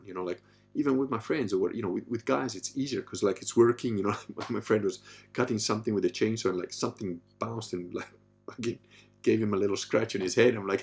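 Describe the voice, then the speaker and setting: Gravelly blunt man in his 50s. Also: fast, darkish tone. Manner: blunt and profane, mimics others in a high falsetto. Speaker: podcast host. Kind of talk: casual live-stream monologue.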